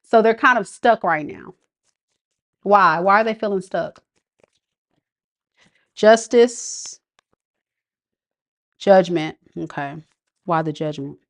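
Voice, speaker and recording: A woman's voice: fairly low pitch, measured pace, fairly bright tone. A woman with giving a casual, affectionate live tarot reading, chatting with viewers and laughing often. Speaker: tarot reader.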